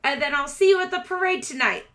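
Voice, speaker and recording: A woman's voice: high voice, fast talker, a loud crowd, voice pushed up, close to an everyday voice. A woman voicing a small, round, showy rat boy who boasts like an eager young performer. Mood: chatty. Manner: boastful, eager showman patter.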